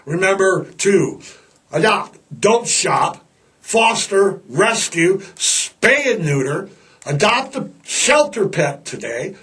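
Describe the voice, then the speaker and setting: A man's voice: sits high, very animated, slow pace, a bit bright, distant mic. A man hosting a casual podcast monologue, blunt, rambling and fired-up. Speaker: podcast host.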